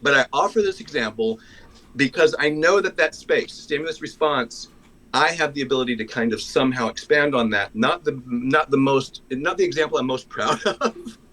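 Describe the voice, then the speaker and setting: A man in a community group, sharing a personal story in a candid, self-deprecating way, often halting and restarting. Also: medium pitch, a bit bright, low-quality recording. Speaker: congregation member sharing a story.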